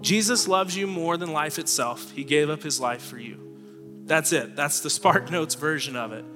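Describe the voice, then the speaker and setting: A man preaching a sermon as pastor, earnest, letting his voice fall low and soft at the ends of phrases. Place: church auditorium stage. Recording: reverberant hall with faint music.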